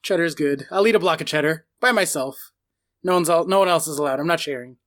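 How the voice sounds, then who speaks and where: Deadpan man with running gags. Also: a little high, quick pace. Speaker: podcast co-host. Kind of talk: casual chat.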